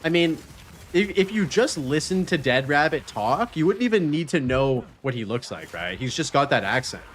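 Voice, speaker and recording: A man's voice: a little high, big pitch swings, normal speed, fairly bright tone, slight background noise. A man streaming a video game, chatting casually, joking and laughing often as he reads chat messages aloud.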